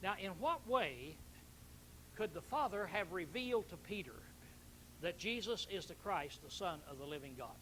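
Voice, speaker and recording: A man's voice: high voice, lively intonation, moderate pace, bright, forceful tone, a little hiss or hum, poor audio. A man preaching a Bible teaching sermon, emphatic, repeating key words and questioning his listeners.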